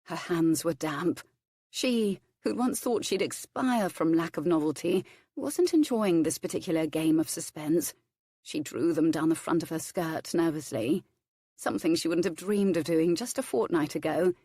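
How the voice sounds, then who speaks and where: A woman reading romance narration in an audiobook, measured and even. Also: low-pitched, slightly rough, no room sound, studio quality.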